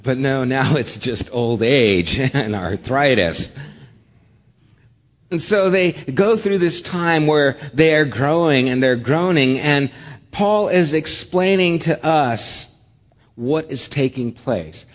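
A middle-aged man preaching a sermon, reading scripture aloud in a measured, earnest way. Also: medium pitch. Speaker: pastor. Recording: long hall reverb.

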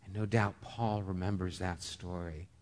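A man preaching a sermon, telling a story with lively shifts, often dropping to a hushed voice. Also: deep voice, measured pace. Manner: animated storytelling, dropping to a hush. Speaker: pastor. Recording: long hall reverb.

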